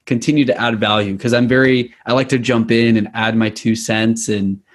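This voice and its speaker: A man's voice: mid-range voice, flat delivery, moderate pace. An American man with an upbeat, enthusiastic manner, chatting casually as a podcast guest over a video call. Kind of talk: casual chat.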